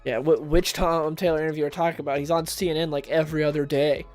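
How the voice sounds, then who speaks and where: A man's voice: a little high, steady tone, fast, hardly any pauses, darkish tone, soft background music. A man hosting a casual livestream about comics, chatting with viewers and reading recaps aloud. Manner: chatty, reads chat and recaps aloud, laughs at own jokes.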